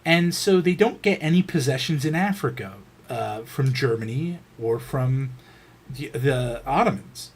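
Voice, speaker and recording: A man's voice: medium pitch, lively intonation, measured pace, slightly rough. A man giving a casual, unscripted history lecture, rambling with frequent fillers and restarts.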